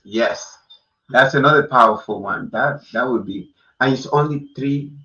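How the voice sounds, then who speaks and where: Bright-toned halting male host. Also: medium pitch. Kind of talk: casual chat. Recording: dull, roomy, far from mic.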